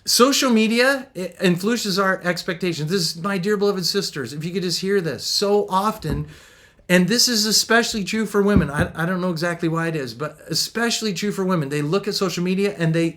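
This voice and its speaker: With a voice pitched noticeably high for a man, this middle-aged coach speaks to couples about marriage and faith in a motivational talk. His delivery is lively and cheerful, full of laughter, and he briefly mimics the people he quotes.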